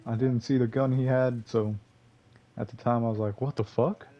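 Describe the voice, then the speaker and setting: A man's voice: medium pitch, flat delivery, moderate pace, dull audio. A young man from Texas commentating on his own gameplay in a rambling, loose way, full of fillers and curses. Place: home gaming room.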